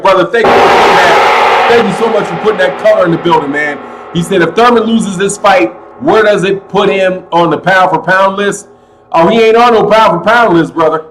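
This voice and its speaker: A man hosting a casual boxing livestream, talking loudly and with a lot of energy, his voice pitched a bit high for a man. He keeps calling his listeners "man" and "brother" as he reads their chat. A slight echo sits on his computer mic. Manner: loud, animated, says "man" and "brother" a lot. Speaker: boxing channel host.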